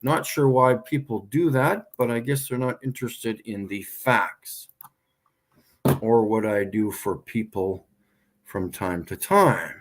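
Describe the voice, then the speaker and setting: A male livestream host rants with sarcasm and exasperation while responding to viewers' comments. His voice is mid-range and he takes it slowly.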